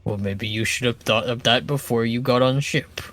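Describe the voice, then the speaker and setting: A man playing a simple-minded, brutish male first mate who speaks about himself in the third person in a halting, blunt way. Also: mid-range voice, fairly even intonation, a bit bright, no room sound, close to an everyday voice.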